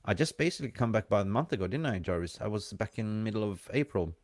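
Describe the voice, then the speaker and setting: Male live-stream co-host, mixed accent with an Aussie hint, excitable and chatty, lowish voice, dry close sound. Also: fast talker, no room sound. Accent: mixed, hint of Australian. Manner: chatty, excitable, banter with viewers in chat. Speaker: fan channel co-host. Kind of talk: casual live-stream chat.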